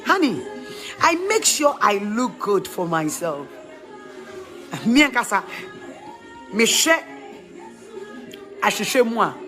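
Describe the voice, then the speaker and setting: A middle-aged woman with a Ghanaian accent giving emphatic, preachy advice in animated talk, laughing often. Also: mid-range voice, takes it slowly, pauses often, faint music behind.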